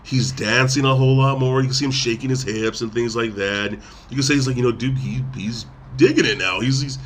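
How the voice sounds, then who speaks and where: A man's voice: mid-range voice, fairly quick, a bit bright, slight background noise. A man hosting a podcast, casually recapping a movie and rambling with lots of fillers and restarts. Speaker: podcast host. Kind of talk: casual movie review chat.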